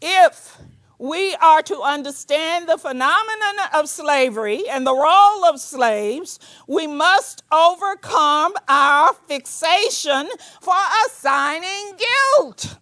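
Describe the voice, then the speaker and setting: An older woman lectures in a high voice, taking her time over each phrase. She talks like a preacher, mixing fervent emphasis with casual, colloquial asides. The sound is close and dry, with no room echo. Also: expressive, takes it slowly. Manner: preacherly, emphatic, sometimes shouting. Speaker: speaker.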